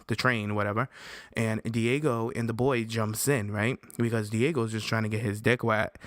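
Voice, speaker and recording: Young male podcast host, mid-pitched, dry close sound, telling a profane, lively story with big jumps in pitch. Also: no echo. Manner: animated, swearing, pitch jumps high for quoted yelling. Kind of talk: casual storytelling.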